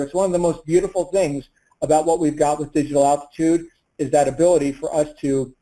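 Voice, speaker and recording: A man hosts a group call and works his way into introducing a guest. He has a slightly high, mellow voice and a hesitant delivery, full of "uh"s and false starts. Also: poor audio. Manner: hesitant, many fillers and restarts. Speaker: host of a coaching call.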